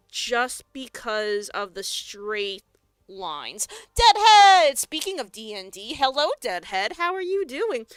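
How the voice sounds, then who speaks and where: Bright, unhurried young woman streamer. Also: medium pitch, smooth, no echo. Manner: chatty, profane, laughs often, reads chat aloud. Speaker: live streamer and tabletop game master. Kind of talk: casual stream chat while crafting.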